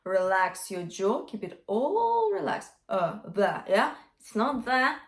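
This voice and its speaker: A woman's voice: on the high side, sing-song, slow pace, vocal fry. Encouraging woman vocal coach, roomy sound. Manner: encouraging, breaks into sung examples. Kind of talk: singing lesson with sung demonstrations. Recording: roomy echo.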